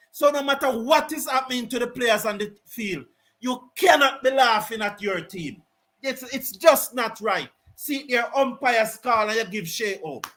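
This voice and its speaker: Male cricket commentator, high and bright, indignant and emphatic, repeats his points. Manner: indignant, repetitive, emphatic, sometimes shouting. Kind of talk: live fan commentary and rant.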